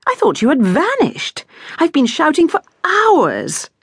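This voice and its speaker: A woman's voice: high voice, huge pitch swings, measured pace, dry recording, clean studio sound, voice pushed up, exaggerated voice. A woman doing a gushing chatty neighbour. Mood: bustling. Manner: effusive, breathless chatter. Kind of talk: audiobook character voice.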